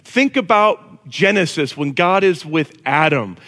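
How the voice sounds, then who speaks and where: A man preaching a casual, animated sermon to a congregation. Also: a little high, unhurried. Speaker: pastor. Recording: long reverb of a large hall.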